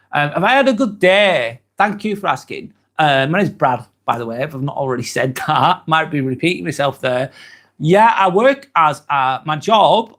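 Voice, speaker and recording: A man's voice: a little high, fairly bright tone. A man, hosting a live stream and chatting casually through viewer comments, earnest and hesitant, with many ums and apologies. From England. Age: 40s.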